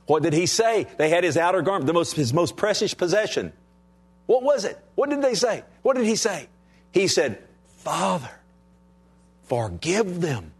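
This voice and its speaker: Man preaching a conversational sermon. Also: medium pitch. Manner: conversational preaching, repeats questions to the congregation. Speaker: pastor.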